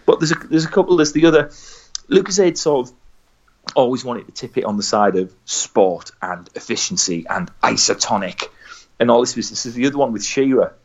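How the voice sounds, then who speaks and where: A man's voice: mid-range voice, lively intonation, a little fast, slightly rough, lo-fi sound. A man from England co-hosting a casual podcast, chatty and rambling, with a mocking streak. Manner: chatty, rambling, mocks adverts with put-on voices. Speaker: podcast co-host.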